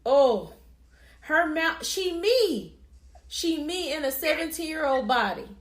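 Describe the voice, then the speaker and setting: A woman in her forties trades stories in a blunt, profane, laughing way. Her voice sits high, and the room rings with echo. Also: big pitch swings, slow. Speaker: podcast co-host. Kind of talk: casual chat. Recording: echoey room.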